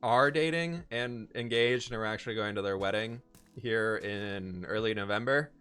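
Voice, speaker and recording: A man's voice: fairly low pitch, normal speed, fairly bright tone, smooth, soft background music. A man in his twenties, from Pennsylvania, hosting a livestream in a chatty way, laughing often and reading chat aloud. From Pennsylvania, USA. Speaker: livestream host. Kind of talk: casual chat while gaming.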